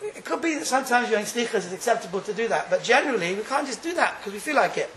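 A man giving an informal Torah class, telling stories in an animated way and laughing often. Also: high-pitched, rapid-fire, reverberant, a little hiss or hum, low-quality recording. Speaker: Torah teacher.

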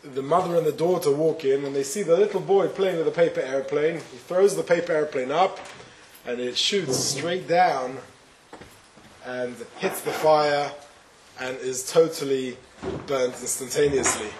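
A rabbi telling a parable and giving a spoken Torah lesson, with small hesitations. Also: male voice, on the high side, measured pace. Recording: roomy echo, faint noise.

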